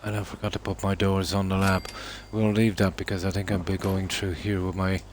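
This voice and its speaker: A man's voice: low voice, flat delivery, a little fast, background noise. A man streaming a game, muttering and thinking aloud while he builds, in casual chat.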